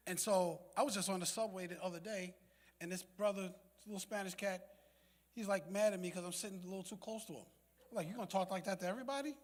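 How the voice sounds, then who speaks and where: A man with a slightly high voice tells a streetwise personal story to a gathered group. His words ring out with a long reverb from the hall. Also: fairly even intonation, brisk. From South Bronx, New York. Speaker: community meeting speaker.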